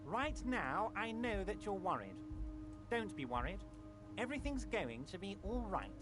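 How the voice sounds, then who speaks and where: A smooth, ingratiating union boss who reassures while scheming. His delivery swoops up and down, and game music plays clearly behind him. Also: mid-range voice, big pitch swings, measured pace.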